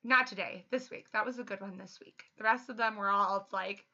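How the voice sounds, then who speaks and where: A young adult woman chatting casually while streaming a game, excitable and quick to laugh. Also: medium pitch, gravelly. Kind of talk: casual livestream chat. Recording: dull lo-fi audio.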